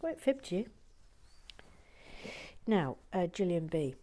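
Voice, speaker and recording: Soft-spoken British woman, slow and lilting. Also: on the low side, big pitch swings. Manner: soft, often half-whispered, playful rambling. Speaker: video host building toy bricks. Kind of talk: relaxed build-along chat. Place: cold garden shed.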